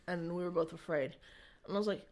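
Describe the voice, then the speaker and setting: A woman's voice: fairly low pitch, fairly even intonation, darkish tone. Rambling woman telling her story. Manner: rambling, halting, with frequent restarts. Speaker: interviewee sharing a personal faith story. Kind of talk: conversational testimony.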